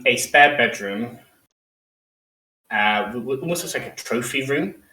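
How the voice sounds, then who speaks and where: A man running a tabletop role-playing session as game master, his voice bright and forceful. He narrates hesitantly, full of fillers and restarts. The sound is roomy and set back from the mic. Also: mid-range voice, lively intonation, measured pace, recorded from a distance.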